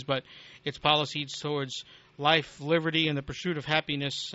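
A man's voice: fairly high pitch, sharp tone. A man hosting a political talk radio show, ranting bluntly and sardonically and swearing casually. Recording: dull lo-fi recording.

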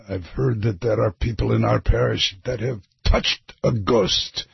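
A man doing a grave Irish priest, gravelly. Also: on the low side, steady tone, no echo, lo-fi sound, full character voice. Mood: stern. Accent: put-on Irish that drifts Scottish. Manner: slow, grave preaching tone. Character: stern Irish parish priest in a joke.

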